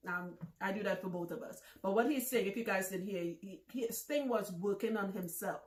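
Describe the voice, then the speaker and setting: A woman in her thirties hosting a casual vlog, talking loudly and bluntly and laughing often. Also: mid-range voice, brisk. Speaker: vlog host. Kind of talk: casual talk to camera. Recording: echoey room.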